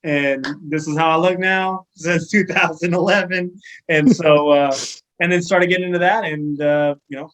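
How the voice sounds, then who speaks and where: A man's voice: fairly high pitch, moderate pace, poor audio. A man in his thirties from California, a firefighter telling a casual story on a podcast with lots of fillers and restarts. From Sacramento, California. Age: 30s. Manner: animated anecdote-telling with many fillers and restarts. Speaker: guest, firefighter.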